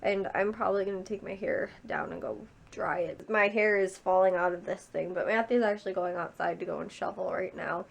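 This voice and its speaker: A woman's voice: mid-range voice, fairly even intonation, brisk, gravelly, hardly any pauses. Congested young woman vlogging casually. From Chicago area, USA. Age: young adult. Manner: rambling, chatty, frequent trailing-off restarts. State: congested, sick with a sore throat. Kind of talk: casual vlog chat. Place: at home.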